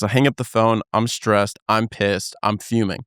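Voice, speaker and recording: A man hosting a podcast interview, telling a business story in an animated, casual way and swearing now and then. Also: lowish voice, moderate pace, clean tone, dry recording, clean studio sound. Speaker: podcast host. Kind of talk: conversational storytelling.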